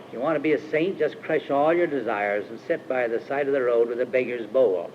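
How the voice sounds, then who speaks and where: An older man from Iowa gives an informal storytelling sermon at a Christian retreat camp, halting often with uh and restarting his phrases. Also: mid-range voice, slight background noise. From Iowa, USA. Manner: rambling, halting, with many uh-hesitations and restarts. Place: camp meeting hall. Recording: dull 1950s archive recording.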